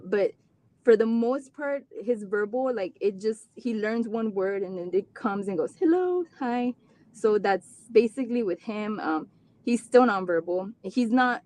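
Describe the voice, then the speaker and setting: A woman's voice: mid-range voice, a little mellow. A woman telling a personal story as a guest mother, chatty and earnest, acting out quoted dialogue with many fillers and restarts. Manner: earnest, close to tears at times. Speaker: autism mom guest. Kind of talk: personal story, casual talk.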